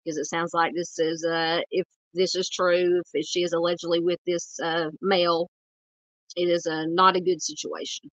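A woman's voice: fairly low pitch, little pitch movement, moderate pace, fairly bright tone, no echo, dull audio. A woman with a Southern US accent hosting a true crime channel, chatting through missing-persons updates with lots of fillers and restarts.

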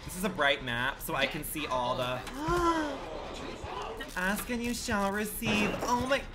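A man's voice: fairly high pitch, big pitch swings, normal speed, loud music behind the voice. A man streaming a game live, talking to his viewers in a dramatic, exclamatory and profane way. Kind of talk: casual live gaming commentary.

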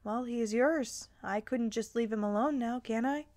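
A woman voicing a devoted male elf, in a soft, gentle tone. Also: a little high, normal speed, close to an everyday voice. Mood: tender.

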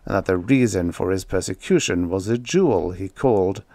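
Male audiobook narrator, low voice, measured and grave, dry studio sound. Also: expressive, dark tone, no echo. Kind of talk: scripted first-person narration of a horror story.

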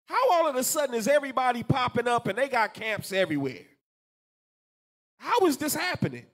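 Animated preacher with a lively, high voice. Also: male voice, slightly rough. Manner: animated, colloquial, repeats words for emphasis. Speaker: teacher of a congregation class. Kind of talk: preaching scripture class.

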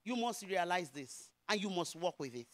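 A woman's voice: on the low side, lively intonation, moderate pace, dry recording. A woman pastor with a Nigerian Yoruba accent, telling a personal testimony in a sermon and rising into emphatic preaching.

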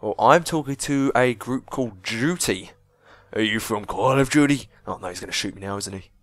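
A man's voice: mid-range voice, normal speed, a bit bright, no echo. A young man giving casual, sweary let's-play commentary, chatting and joking as he reacts to the game. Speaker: gaming video host.

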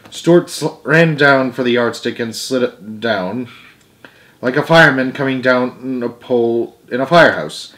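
A man reading a children's storybook aloud in a middle-pitched voice, relaxed and chatty. He tosses in offhand asides between lines and catches his own slips as he goes. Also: unhurried. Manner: casual asides, stumbles and self-corrections.

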